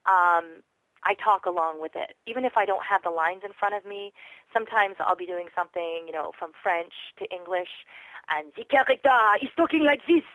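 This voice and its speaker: A voice actress in an interview, talking casually and reflectively with lots of fillers. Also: female voice, lowish voice, fairly even intonation, fairly quick, a bit bright, dry recording, low-quality recording. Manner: reflective, chatty, many fillers.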